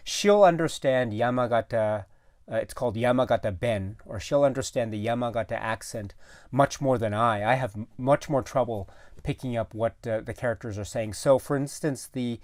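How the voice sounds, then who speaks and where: A man talking as a guest in a casual film discussion, halting and searching for his words with many restarts. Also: mid-range voice, a little mellow, dry recording, studio quality. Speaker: guest commentator.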